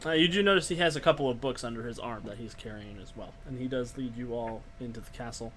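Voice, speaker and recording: A man narrating a tabletop game as game master, relaxed and hesitant, with many ums. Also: medium pitch, fast talker, crowd noise.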